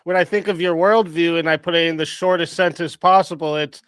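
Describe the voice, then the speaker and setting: A man's voice: on the high side, fairly even intonation, fairly quick, a bit bright, smooth, dry recording. A man chatting casually as a co-host, laid-back and often laughing as he talks. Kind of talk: casual chat.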